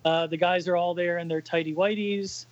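A man with a high-pitched voice talks through a comic book in casual podcast chat, hesitating often along the way. The sound is slightly dull and very dry, close to the mic. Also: fairly even intonation, dry recording. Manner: halting, with many fillers. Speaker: podcast co-host reading a comic aloud.

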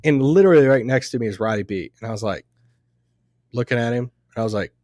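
A man's voice: mid-range voice, fast, a little mellow, dry recording, studio quality. A man co-hosting a podcast, telling a rambling story in casual chat with frequent laughs and restarts. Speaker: podcast co-host. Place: event venue, recorded live on site.

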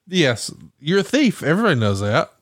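A man's voice: fairly high pitch, very animated, fairly quick, dry recording, clean studio sound. A man co-hosting a podcast who asks questions and teases his guest in a chatty way. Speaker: podcast co-host, interviewer. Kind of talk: casual interview chat.

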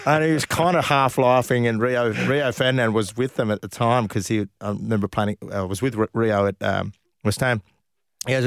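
A man's voice: medium pitch, normal speed, vocal fry, no echo, studio quality. A man, a former footballer telling stories casually in an interview, often laughing as he goes. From Australia. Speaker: former professional footballer, guest.

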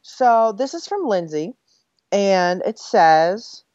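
A woman co-hosting a podcast, talking in loose, chatty fashion with an animated, swooping pitch. Her voice comes through slightly dull and dry, with no room around it. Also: slow pace, no echo. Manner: chatty, a bit scattered, reads listener mail aloud. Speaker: podcast co-host. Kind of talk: casual chat.

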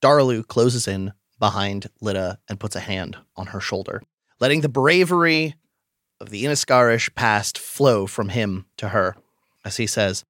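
Guy playing a bard in a tabletop rpg, lively pitch, dry close mic. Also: moderate pace, dry recording. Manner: upbeat, friendly explaining. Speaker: player.

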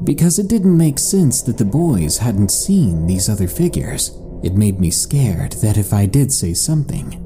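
Low, dark-voiced man narrating horror. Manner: low, measured, suspenseful storytelling. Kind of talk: scripted first-person story narration. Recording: faint music bed under voice.

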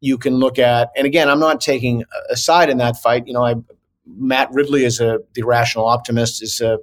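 A man's voice: medium pitch, fairly even intonation, fairly quick. A man answering as a guest in a video interview, earnest and argumentative, often restarting his sentences.

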